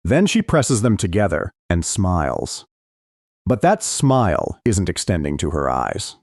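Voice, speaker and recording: A man narrates a thriller audiobook in the first person, his voice sitting very low. His delivery moves expressively up and down as he builds tension. The recording is dry and close, with no room around it. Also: huge pitch swings, measured pace, gravelly, a little mellow, no echo.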